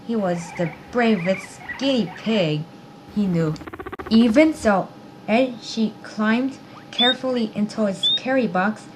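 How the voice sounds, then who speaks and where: A woman reading a children's story aloud, slow and expressive. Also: mid-range voice, noisy background. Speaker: narrator.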